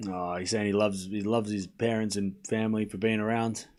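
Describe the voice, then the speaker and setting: A man's voice: lowish voice, level tone, fairly quick, a little mellow. A man hosting a live watchalong, chatting casually with his chat, rambling with frequent fillers and restarts. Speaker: livestream watchalong host.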